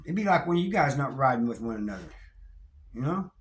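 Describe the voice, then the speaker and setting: In a roomy, echoing recording, a man vlogs about his time behind bars. His mid-range voice swings widely in pitch and moves briskly, and his telling stays plainspoken and loose, full of slang, wry chuckles and repeated "you know."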